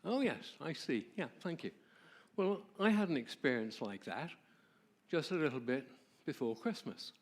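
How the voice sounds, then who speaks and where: A man presenting at a church, telling a personal story in a warm, conversational way and asking the audience questions. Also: fairly high pitch, lively intonation, normal speed. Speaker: marriage ministry presenter.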